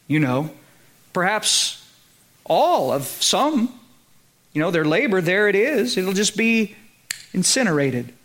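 A man's voice: on the high side, a bit bright. A man with a Southern US accent preaching a sermon in a conversational way, often checking in with his listeners and rising to emphatic peaks. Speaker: pastor.

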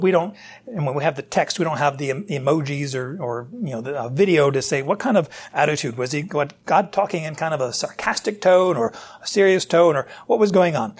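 A man's voice: a little high, breathy edge. A man, a pastor preaching a verse-by-verse Bible teaching sermon and talking directly to his congregation. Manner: conversational, explanatory, addresses the congregation directly.

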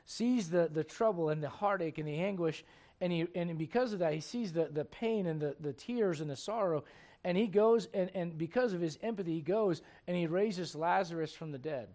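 A man preaching a sermon, chatty and repetitive with asides to the listeners, swinging from hushed tender passages to loud shouting bursts. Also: fairly high pitch, normal speed. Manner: repeats words, folksy asides to the congregation.

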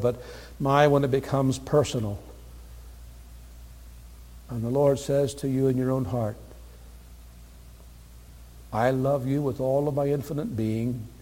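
Male preacher, mid-pitched, earnest sermon delivery with swings from quiet to loud, echoing sanctuary sound. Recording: long hall reverb.

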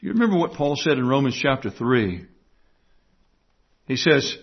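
A man's voice: fairly high pitch, huge pitch swings, takes it slowly, long pauses, breathy edge, muffled recording. A man preaching a sermon, emphatic, repeating key phrases and asking the listeners rhetorical questions.

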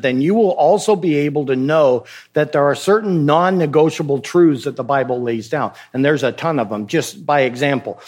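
A man preaching a sermon as pastor, emphatic and questioning, acting out short dialogues. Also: mid-range voice.

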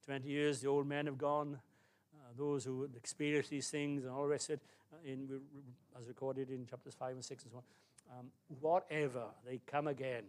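A man preaching a sermon, telling a Bible story in an animated, exclamatory way. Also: mid-range voice, moderate pace.

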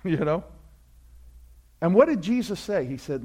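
A man preaching a sermon, telling a story and acting out voices, building from quiet asides to loud fervent climaxes. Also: high voice, very animated, normal speed. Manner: storytelling preacher, acts out voices, swells to shouts. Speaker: pastor.

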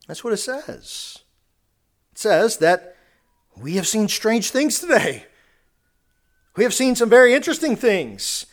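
A man's voice: sits high, very animated, unhurried, pauses often. A man preaching a sermon, earnest, often repeating words and restarting phrases as he builds a point.

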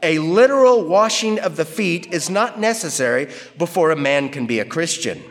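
Brief: male pastor teaching scripture, chatty and animated, slightly high voice. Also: normal speed. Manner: conversational, animated quoting of Peter and Jesus. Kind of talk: expository sermon.

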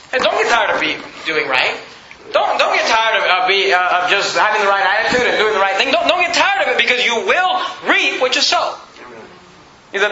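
A man preaching a sermon as pastor, emphatic and building to shouts on key lines. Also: high-pitched, slight background noise. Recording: roomy, slightly dull with faint ambience.

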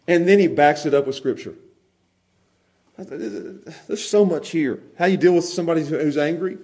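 A high-voiced man preaches. He swings from hushed asides to loud, shouted lines, and laughs often as he tells his stories. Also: normal speed. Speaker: pastor. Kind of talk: sermon.

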